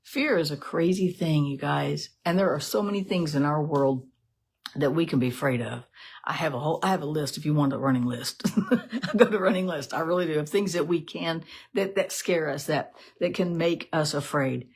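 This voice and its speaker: A woman giving a casual, animated devotional talk, asking lots of rhetorical questions. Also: low voice, moderate pace, slight background noise. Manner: animated, conversational, laughs often, many rhetorical "right?". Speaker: devotional teacher.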